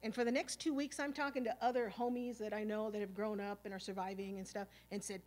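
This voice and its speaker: A woman's voice: medium pitch, fairly quick. A woman, speaking on stage at a symposium and telling stories in a casual, streetwise, profane way, full of "you know" and "like", and acting out old arguments. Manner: animated, acting out past arguments. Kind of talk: storytelling talk at a symposium. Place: stage at a live event.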